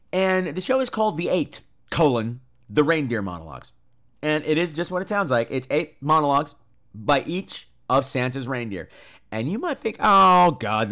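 A man's voice: a little high, a bit bright. A man hosting a podcast, chatting casually about movies and theater in a campy, sarcastic and profane manner. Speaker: podcast host.

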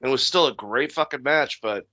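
Bright-toned man, rambling profane podcast banter. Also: medium pitch, normal speed, no room sound. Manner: loose, profane, rambling asides. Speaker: podcast co-host. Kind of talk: casual wrestling chat. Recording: dull lo-fi dry recording.

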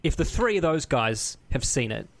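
A man's voice: on the high side, big pitch swings, normal speed. A man co-hosting a podcast in casual chat, loose and profane, laughing often. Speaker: podcast co-host.

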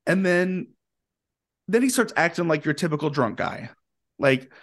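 A man telling a long story in a casual, animated way, with plenty of fillers and acted-out quotes. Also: a little high, measured pace. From Indianapolis area, USA. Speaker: guest musician.

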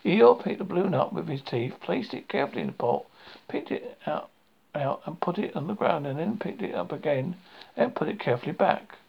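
A man reading a children's storybook aloud, stumbling and going back over lines. His voice is gravelly and husky with a lively pitch, on a dull lo-fi recording. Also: brisk. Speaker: reader.

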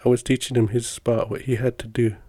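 A man's voice: mid-range voice, little pitch movement, a little fast, dark tone, dry recording. A middle-aged man from Montana telling personal stories in a rambling, folksy way, with many fillers and restarts. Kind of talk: casual storytelling.

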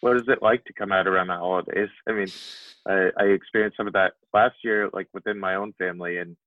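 A low-voiced man co-hosting a podcast, chatting casually and rambling with plenty of fillers. His voice comes through a tinny, phone-like line with a dry sound. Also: steady tone, quick pace, no room sound. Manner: rambling, filler-heavy, laughs often. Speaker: podcast co-host. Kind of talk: casual chat.

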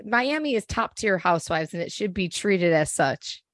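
A woman's voice: on the low side, lively intonation, moderate pace, no room sound, clean studio sound. A woman co-hosting a casual chat about reality TV, sarcastic and dramatic, swearing as she talks. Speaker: podcast co-host.

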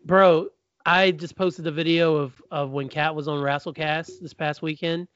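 A male podcast host with a slightly high voice, animated and laughing as he tells stories. The sound is dry and close. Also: moderate pace, clean tone, no echo, muffled recording. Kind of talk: casual banter.

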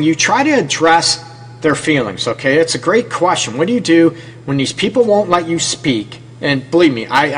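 A man's voice: a little high, fairly bright tone, slightly rough, poor audio. Detroit man hosting a radio advice show. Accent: Detroit, American. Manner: casual, repeats "okay?" as a tag; talks directly to the listener. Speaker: radio show host and counselor.

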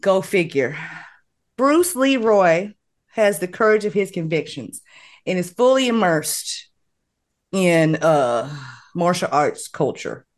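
A woman hosting a casual podcast chat, summarizing a movie in a playful, animated way with frequent laughs. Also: on the low side, unhurried. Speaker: podcast host.

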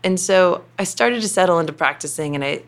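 A woman's voice: fairly low pitch, lively intonation, brisk. A middle-aged woman from Kentucky with a Southern accent, telling her story in a chatty interview with many fillers. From Kentucky, USA. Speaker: interview guest, company president. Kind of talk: conversational interview.

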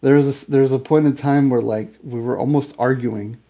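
Young male podcast co-host, relaxed dark tone, loose and filler-heavy. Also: medium pitch, a little fast. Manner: rambling, filler-heavy, animated retelling. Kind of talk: casual movie review chat.

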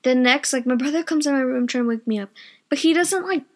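Rambling high-voiced young woman. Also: quick pace, a little mellow. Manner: rambling, chatty, loses her train of thought. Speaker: vlogger. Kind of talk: casual storytime chat. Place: bedroom at home.

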